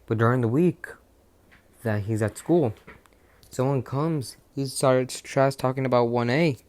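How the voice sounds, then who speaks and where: A man's voice: mid-range voice, a little slow, darkish tone. A young man casually retelling a fan story, rambling, profane and cutting himself off. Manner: profane, rambling, self-interrupting.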